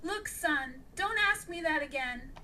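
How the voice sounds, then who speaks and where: A woman's voice: high-pitched, animated, measured pace, pushed and bright, far from the mic, slight background noise, pitched above the performer's own voice, heavily acted. A woman reading the part of an evil, twisted father who cackles and speaks sternly, in a storybook. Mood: gloating. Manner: gloating, stern.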